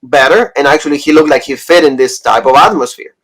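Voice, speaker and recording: A man talking casually as co-host of a wrestling review show. His voice sits a bit high for a man, and he rambles along with plenty of fillers and quick laughs. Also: fairly bright tone, low-quality recording. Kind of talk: casual chat.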